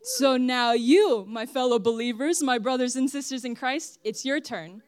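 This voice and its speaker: A young woman delivers a testimony sermon in a fairly high voice, earnest and emphatic, talking right to the people in the pews. The sound is close and dry, with no room echo. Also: expressive, normal speed. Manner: earnest and emphatic, addressing the congregation directly. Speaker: church speaker giving a testimony.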